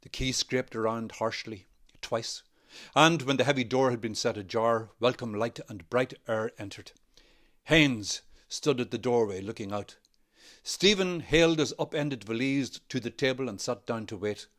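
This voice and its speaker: A man with a Northern Irish accent, an actor reading a novel aloud in a measured, expressive way. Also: mid-range voice. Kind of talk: literary reading.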